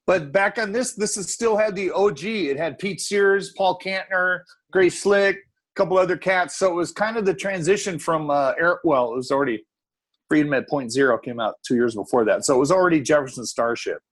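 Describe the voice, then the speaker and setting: A man with a slightly high voice chats excitedly about music on a podcast. He rattles along quickly and eagerly. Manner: enthusiastic, animated, talks fast. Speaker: podcast co-host. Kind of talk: casual chat about music.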